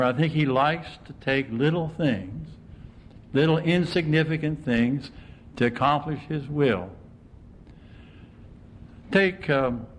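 A man's voice: medium pitch, a little hiss or hum. Conversational preaching man. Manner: conversational, asks the audience questions. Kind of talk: informal sermon.

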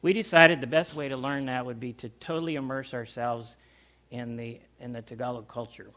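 A man telling a personal story to a small group, animated, with loudness swinging up and down and sounds acted out. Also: mid-range voice, normal speed. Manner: animated, loudness rising and falling, acts out sounds. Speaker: speaker recounting life overseas.

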